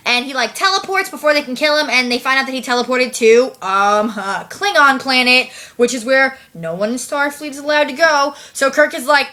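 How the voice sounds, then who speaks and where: Chatty woman vlogger, super bright voice, kinda high, says like a lot. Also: a little fast, few pauses. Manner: chatty, slangy, heavy use of "like", swears. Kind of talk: casual movie recap.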